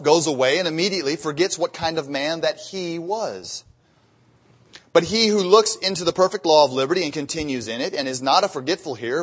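Male preacher, earnest sermon delivery that climbs to emphatic peaks, slightly high-pitched. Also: slightly rough. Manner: earnest, rising to emphatic peaks, with repeated words.

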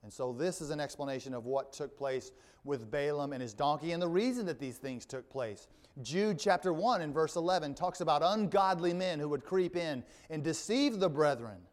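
A male pastor preaches a sermon, reading scripture aloud and then unpacking it verse by verse. His voice sits a little high for a man, and he adds dry, wry asides along the way. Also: expressive, normal speed.

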